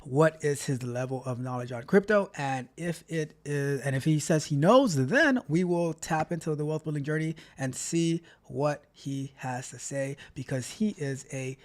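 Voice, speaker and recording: A man's voice: on the high side, unhurried, hardly any pauses. A man hosting a live stream, chatting casually, reading out chat messages and repeating himself as he talks. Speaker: livestream host.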